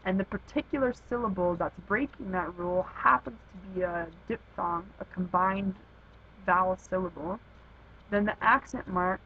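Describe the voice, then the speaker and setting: A woman's voice: mid-range voice, a little hiss or hum. Chatty woman tutor, dull lo-fi recording. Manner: informal and chatty, thinks aloud with fillers and restarts. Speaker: Spanish tutor. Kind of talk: casual recorded lesson.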